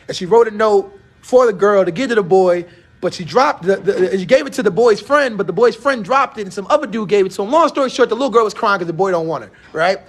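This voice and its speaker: A man in his thirties hosting a casual chat, telling an animated story and acting out the dialogue he quotes. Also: high-pitched, quick pace. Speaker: host. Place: barbershop.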